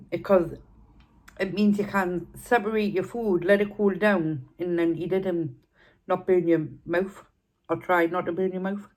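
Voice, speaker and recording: A woman's voice: on the low side, darkish tone. Chatty woman eating on camera. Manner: chatty, eating between sentences. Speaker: mukbang vlogger. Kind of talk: casual chat while eating.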